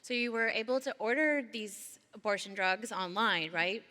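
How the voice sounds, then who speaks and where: Woman stage interviewer; bright, encouraging, prompting; reverberant event hall. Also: medium pitch, moderate pace.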